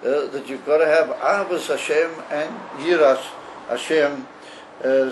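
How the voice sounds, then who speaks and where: A rabbi teaching a class on a religious text, explaining slowly and haltingly with frequent pauses and fillers. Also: male voice, on the high side, a little hiss or hum, low-quality recording.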